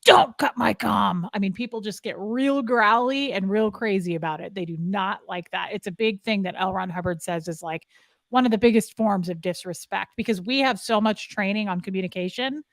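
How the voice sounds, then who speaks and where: A woman's voice: medium pitch, a little fast, no room sound. Candid woman co-host, dry close sound. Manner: candid, storytelling, mimics clipped commands. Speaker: podcast co-host. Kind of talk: casual chat.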